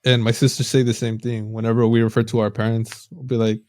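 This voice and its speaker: A man's voice: medium pitch, quick pace, no room sound. Male co-host, mid-range voice, easygoing and slangy, dry close-miked podcast sound. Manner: relaxed, chatty, says "bro". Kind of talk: casual chat.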